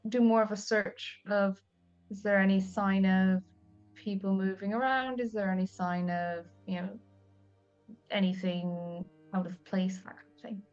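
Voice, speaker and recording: Woman, tabletop player, measured, thoughtful, dull lo-fi sound, faint music. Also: mid-range voice. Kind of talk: tabletop game play, casual chat.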